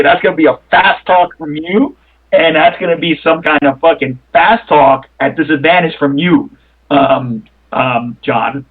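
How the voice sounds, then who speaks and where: A man running a tabletop game as game master, rambling with many fillers and the odd swear word. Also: fairly high pitch. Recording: tinny phone-like line.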